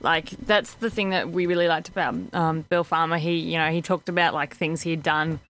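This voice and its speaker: A woman's voice: low-pitched, steady tone, normal speed, fairly bright tone. Giggly chatty woman. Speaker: podcast co-host. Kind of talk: casual chat.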